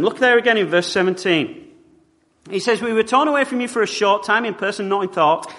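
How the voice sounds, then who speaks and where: A man's voice: high-pitched, lively intonation, moderate pace, fairly bright tone. A man from Britain preaching a sermon in a church, wry and conversational, with frequent tag questions. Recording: long reverb of a church hall.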